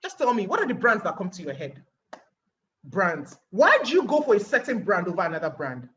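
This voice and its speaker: Nigerian woman for a webinar talk: animated, plays out scenes, very expressive pitch; muffled lo-fi recording. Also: brisk. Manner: animated, acting out little scenes and asking rhetorical questions. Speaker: guest speaker.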